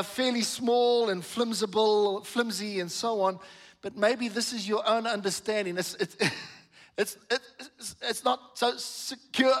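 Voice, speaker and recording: A man's voice: high-pitched, fairly bright tone. A middle-aged man preaching a sermon from a church stage, emphatic and calling out to the congregation. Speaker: pastor.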